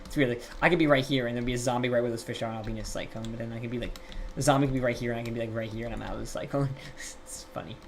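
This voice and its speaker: A man's voice: mid-range voice, fairly even intonation, rapid-fire, slight background noise. A young man telling a rambling, profane story while streaming a game live.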